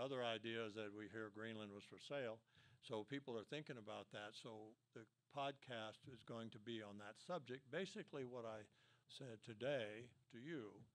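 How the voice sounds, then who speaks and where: A man's voice: mid-range voice, clear, resonant tone. Older man telling rambling war stories. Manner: rambling, folksy, many fillers and restarts. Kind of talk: casual storytelling talk.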